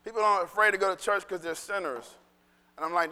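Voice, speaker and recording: A male pastor preaching a sermon in an animated, conversational way that swings into shouting. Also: sits high, fairly quick, in a large hall.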